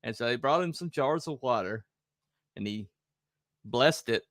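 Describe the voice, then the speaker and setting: A man hosts a relaxed podcast chat and retells a story with plenty of energy. He often jumps into higher voices to act out what people said, and he laughs easily. The sound is dry and close. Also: unhurried, dry recording. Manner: animated, acts out quotes in raised voices, laughs often. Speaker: host.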